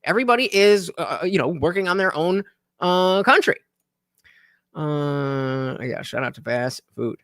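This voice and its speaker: A man's voice: fairly high pitch, lively intonation, measured pace, fairly bright tone, no echo, studio quality. A man in his thirties hosting a livestream, reacting with rambling commentary full of filler words. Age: 30s. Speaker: livestream host.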